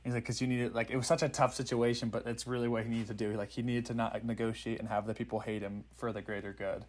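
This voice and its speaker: A man's voice: mid-range voice, level tone, fast talker. A young man in casual chat about a movie, enthusiastic, reciting quotes in his own voice. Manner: enthusiastic, quotes lines in his own voice, says dude a lot.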